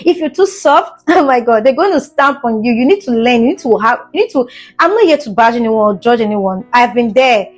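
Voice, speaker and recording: A young woman vlogger speaks straight to her viewers in an earnest, emphatic way, often pausing to ask if they understand. Her voice sits a little high, and faint music plays underneath. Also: a little mellow. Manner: earnest, emphatic, keeps asking "do you understand?"; fillers and restarts, gets emotional at times. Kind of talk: casual storytime monologue to camera.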